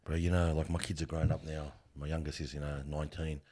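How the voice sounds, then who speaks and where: Deep husky aussie guy, middle-aged, keeps saying bro, real earnest storyteller. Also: quick pace. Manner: earnest, animated storytelling, calls the listener bro. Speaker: funeral worker. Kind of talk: casual interview talk.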